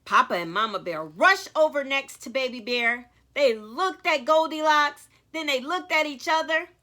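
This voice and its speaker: A woman author reading a story aloud to children, animated and speaking directly to young listeners. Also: sits high, moderate pace.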